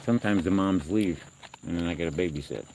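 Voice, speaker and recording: Deep gravelly man talking outdoors. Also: fast talker. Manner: chatty, coaxing and scolding animals. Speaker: live stream host. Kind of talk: casual live stream chat. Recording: outdoor noise with crickets.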